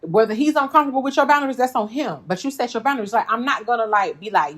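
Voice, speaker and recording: A woman recaps a show for her viewers in an easy conversational way, lively and quick to laugh. She talks to them directly, as if catching up with friends. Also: fairly high pitch. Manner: animated, laughs often, addresses viewers as y'all. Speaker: reality TV recap host. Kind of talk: casual reaction commentary.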